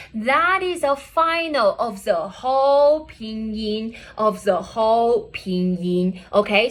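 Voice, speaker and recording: A woman teaching a pinyin lesson, repeating every point and checking with "okay?". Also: on the high side. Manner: repetitive, drilling each point with "okay?". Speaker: Chinese language teacher.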